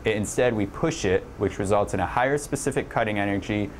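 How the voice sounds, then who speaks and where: Man, deep voice, lecture narration, explanatory, small slips, faint air-conditioning hum. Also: quick pace. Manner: explanatory, with occasional slips and fillers. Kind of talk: narrated online lab lecture.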